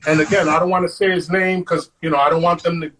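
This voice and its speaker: A man, a guest on an interview show, telling stories in an animated way, acting out quotes and saying "man" all the time. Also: a little high, fast talker, slight background noise, poor audio. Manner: animated, acts out quotes, says "man" constantly. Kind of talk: storytelling.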